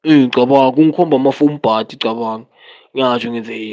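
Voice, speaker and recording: South African man, livestream chat, rambling, switches languages, mid-pitched. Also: a little fast. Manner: animated, rambling, code-switching.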